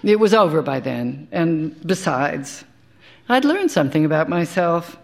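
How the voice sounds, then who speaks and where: A woman's voice: deep voice, big pitch swings, unhurried, gravelly, darkish tone. Wry woman reading a story live. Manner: wry, conversational storytelling with dry asides. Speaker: actor reading a short story. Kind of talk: live dramatic reading of a first-person story. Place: live stage performance.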